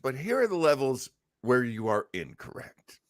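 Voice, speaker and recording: A man's voice: medium pitch, huge pitch swings, normal speed, dry recording, studio quality. A man co-hosting a podcast, telling a rambling story with many restarts in casual chat. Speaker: podcast co-host.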